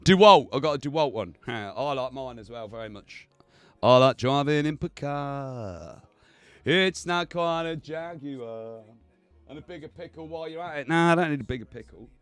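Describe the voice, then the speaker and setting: A man's voice: a little high, animated, normal speed, clear, resonant tone, dry recording. Swearing man chatting on stream. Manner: swearing, chatty, laughs often. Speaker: livestream host. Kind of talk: casual stream chat.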